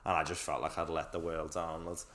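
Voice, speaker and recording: A young man co-hosting a podcast, telling animated stories with laughs and swearing. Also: extremely low pitch, a little fast. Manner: animated storyteller, swears, laughs often, says "lad". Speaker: podcast co-host. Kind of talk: casual chat.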